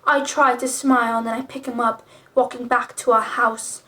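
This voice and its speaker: A woman's voice: a little high, level tone, normal speed, pushed and bright. A young woman reading old fanfiction aloud with profane, snarky commentary. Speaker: video creator reading fanfiction.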